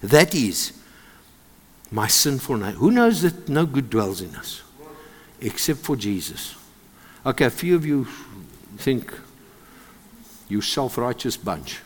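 A man with a South African accent preaching a sermon, animated and joking with the congregation. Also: medium pitch, takes it slowly, long pauses. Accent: South African English. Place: church service with congregation. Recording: long hall reverb.

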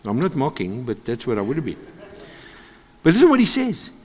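A man with a South African accent preaching a sermon, animated and joking with the congregation. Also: medium pitch, brisk. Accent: South African English. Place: church service with congregation. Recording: long hall reverb.

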